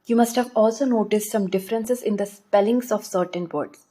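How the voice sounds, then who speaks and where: Female podcast host, relaxed warm timbre, clear teacherly delivery. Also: mid-range voice, moderate pace. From India. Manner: clear, explanatory, spells words letter by letter. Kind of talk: scripted educational podcast.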